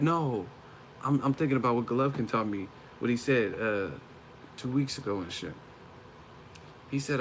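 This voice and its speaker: A man with a medium-pitched, fairly bright voice speaks a little slowly but animatedly on a casual live stream about boxing. There's slight background noise as he laughs often, uses profanity, and mocks fighters through impressions.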